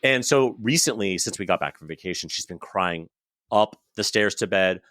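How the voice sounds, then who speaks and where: A man's voice: low voice, expressive, normal speed, a bit bright, no room sound, clean studio sound. A man in his thirties co-hosting a podcast, chatting casually in a joking, profane way with lots of "like". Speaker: podcast co-host. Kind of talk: casual chat.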